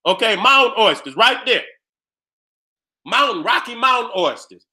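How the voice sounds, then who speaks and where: A man with a very high, bright, sharp-edged voice goes off in a loud, profane rant. He talks straight to his viewers in streetwise slang and keeps slipping into short acted-out exchanges. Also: animated, moderate pace. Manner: heated, streetwise, loud, acts out dialogues. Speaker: video host. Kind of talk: profane ranting commentary.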